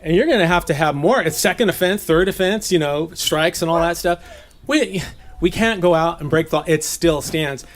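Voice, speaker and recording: A man from Southern California giving a relaxed, chatty sermon, laughing often and slipping into playful voices. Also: on the high side, moderate pace. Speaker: preacher. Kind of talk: casual sermon teaching. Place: gathering.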